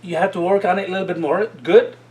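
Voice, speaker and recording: High-voiced man teaching Quran recitation. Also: steady tone, darkish tone, slight background noise. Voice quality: chants Arabic verses in a sung tone. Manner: drills pronunciation slowly, repeating syllables. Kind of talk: classroom lesson on recitation.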